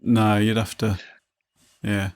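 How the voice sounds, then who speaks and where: A man's voice: lowish voice, level tone, slow pace, a little mellow, clear, resonant tone. Rambling jokey podcast host man. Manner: rambling, jokey, thinks aloud. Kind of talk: casual chat.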